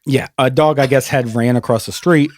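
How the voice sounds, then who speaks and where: A man's voice: medium pitch, steady tone, moderate pace. A man hosting a podcast, telling an awkward story in a casual, self-mocking way and laughing easily. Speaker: podcast host.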